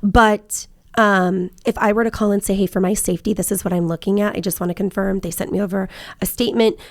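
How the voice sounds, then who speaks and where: A woman's voice: medium pitch, steady tone, quick pace, dry recording, studio quality. A woman realtor telling work stories in casual chat, acting out both sides of her phone calls. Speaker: realtor and podcast host.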